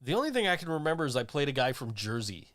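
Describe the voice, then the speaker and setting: A man's voice: medium pitch, very animated, very fast, fairly bright tone, dry recording. A man hosting a podcast in casual chat, rambling and swearing, laughing often. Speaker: podcast host.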